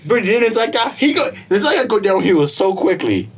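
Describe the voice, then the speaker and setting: A young man from Israel co-hosting a casual podcast, telling an animated, slangy story and laughing often. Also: high-pitched, normal speed, a little hiss or hum. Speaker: podcast co-host. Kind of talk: casual chat.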